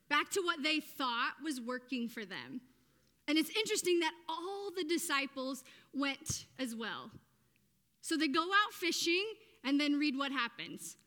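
Woman preacher, high and bright, conversational and lively, long hall reverb. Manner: lively and conversational, asks the audience questions. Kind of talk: sermon.

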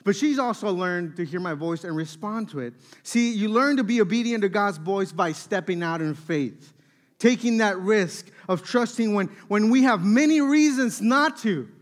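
A man in his thirties preaching a sermon, telling family stories with lively acted-out dialogue. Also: sits high. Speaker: pastor.

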